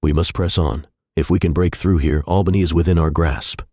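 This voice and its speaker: A man's voice: low voice, steady tone, a little fast, darkish tone, no echo. A man voicing a confident, dismissive British general in a narrated historical story.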